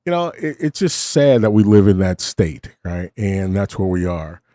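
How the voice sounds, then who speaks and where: A man's voice: low-pitched, sing-song, normal speed, dark tone, no echo, studio quality. A middle-aged man hosting a casual late-night monologue at his desk, rambling and self-mocking. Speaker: host. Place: home desk.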